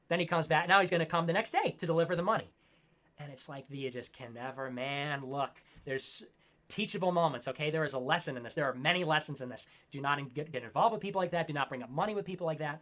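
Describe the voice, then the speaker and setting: A man in his twenties co-hosting a casual late-night stream, ranting and animated, mocking people with put-on voices. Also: on the high side, fast. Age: 20s. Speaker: co-host.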